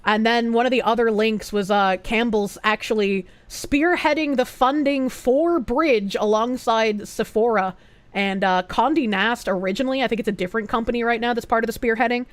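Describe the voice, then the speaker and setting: A young woman streamer rambles through a casual live chat, swearing freely and thanking donors. Her voice sits fairly high. The sound is dry and close, with no room echo. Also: moderate pace. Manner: rambling, profane, reads out donations.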